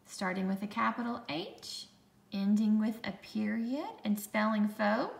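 A woman teacher giving a phonics lesson to children, speaking slowly and patiently and sounding out each dictation sentence word by word. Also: medium pitch, vocal fry, echoey room.

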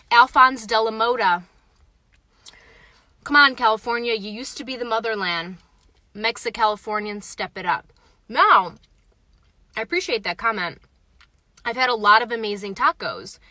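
A woman's voice: a little high, normal speed, long pauses, bright, forceful tone, no room sound. A young woman in a parked car, reviewing a taco live on her phone and chatting frankly with viewers between bites. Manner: chatty, frank, reads viewer comments aloud; talks while eating. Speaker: vlogger reviewing tacos. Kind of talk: casual live-stream chat.

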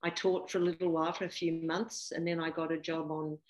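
A woman's voice: low voice, flat delivery, brisk. A woman in her sixties, a guest actor chatting casually in an interview, laughing often and full of fillers and restarts. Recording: roomy echo.

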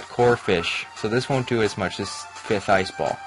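A man hosting a let's play, giving rambling gameplay commentary with excitable reactions. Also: lowish voice, a little slow, few pauses, rough recording. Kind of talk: gaming commentary. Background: game music.

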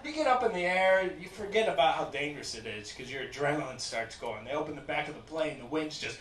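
A man's voice: on the high side, fast. A young man performing a stand-up comedy set, telling a story and acting out the people in it. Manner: animated storytelling, acts out characters. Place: comedy club. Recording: echoey club, distant mic, loud crowd laughter.

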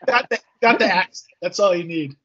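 An American man talks as a guest over a video call, chatty and upbeat. His voice sits high and bright. The call audio sounds dull and lo-fi. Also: fairly quick, slightly rough. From USA. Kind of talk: casual video call chat.

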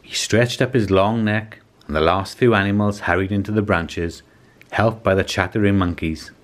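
A man reading a children's picture book aloud in a calm, measured storytelling manner. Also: fairly low pitch. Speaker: storybook reader.

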